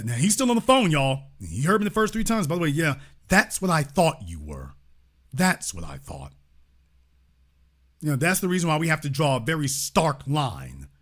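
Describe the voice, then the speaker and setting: A man's voice: a little high, fairly bright tone. A man from Louisiana hosting a call-in show, confrontational and insulting, pressing the same question again and again. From Shreveport, Louisiana. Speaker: show host.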